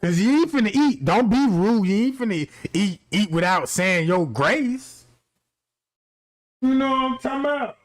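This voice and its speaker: A man with a country-sounding voice hosting a stream, ranting in a brash, profane, animated way. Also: sits high, moderate pace, dry recording. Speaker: livestream host. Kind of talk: casual ranting commentary.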